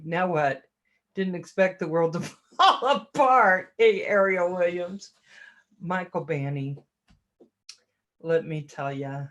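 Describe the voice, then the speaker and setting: Chatty, laughing woman livestreamer. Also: fairly low pitch. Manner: chatty and self-deprecating, laughs often; greets viewers by name. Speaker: livestream host reading chat. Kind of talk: casual livestream chat.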